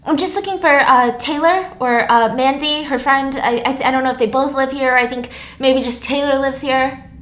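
A woman's voice: high-pitched, steady tone, fairly bright tone, reverberant. A woman voicing an anxious young female makeup artist who stammers and fires off questions. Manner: rushed, stammering, pushy questions.

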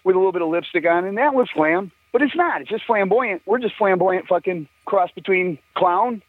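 A man's voice: sits high, lively intonation, a little fast, slightly rough, no room sound. Older man rambling over a tinny phone line. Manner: rambling, profane, laughing often. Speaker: musician guest. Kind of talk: casual storytelling.

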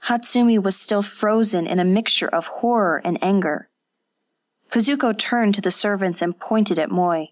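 A woman narrating an audiobook in a measured, unhurried manner. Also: medium pitch.

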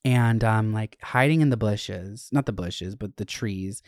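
A young adult podcast host telling stories in a casual, animated, profane way. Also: mid-range voice, unhurried, dry recording, clean studio sound. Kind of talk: casual chat.

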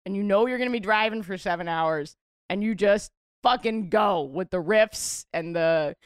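A woman's voice: mid-range voice, clean tone, dry recording, clean studio sound. A woman hosting a comedy podcast, chatting and riffing playfully with her guests. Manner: playful, riffing, quick to laugh. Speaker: podcast host. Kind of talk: casual comedy podcast chat.

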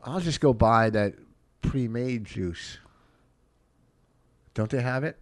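A man's voice: mid-range voice, takes it slowly, no echo. A man co-hosting a casual comedy podcast, telling blunt stories with plenty of swearing. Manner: swears a lot, blunt storytelling. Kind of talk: casual chat.

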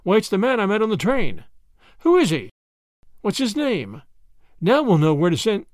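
A man's voice: high-pitched, sing-song, moderate pace, a little mellow, no room sound, studio quality. A man voicing a kindly, stubborn old grandmother who speaks earnestly and plaintively.

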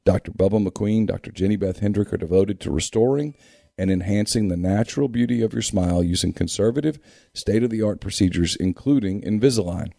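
A man co-hosts a sports podcast in a low, mellow voice. He reads ads and sizes up teams steadily, recorded close and dry with no room sound. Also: a little fast, creaky, no echo. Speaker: sports talk co-host. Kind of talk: reading sponsor ads and casual sports chat.

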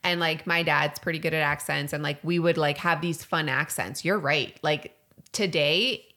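Bright-voiced chatty woman co-host. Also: low voice, moderate pace. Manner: chatty, lots of likes and restarts. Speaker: podcast co-host. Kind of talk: casual chat.

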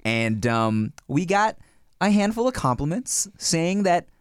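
A man hosting a podcast in casual, animated chat, swearing freely, laughing often and slipping into voices. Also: on the high side, a little slow, clean tone, no echo, studio quality. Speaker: podcast host.

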